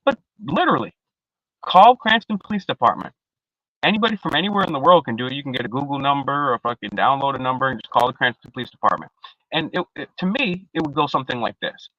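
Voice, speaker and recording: A man's voice: medium pitch, fast, no room sound, lo-fi sound. A man in casual live-stream panel chat, rambling and profane, with lots of slang and restarts, on a video call. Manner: restarts often, animated.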